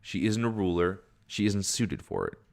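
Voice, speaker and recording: A man reading a webcomic aloud, voicing a cool, aloof young man who speaks in a flat, quietly assured way. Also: lowish voice, moderate pace, creaky. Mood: cold.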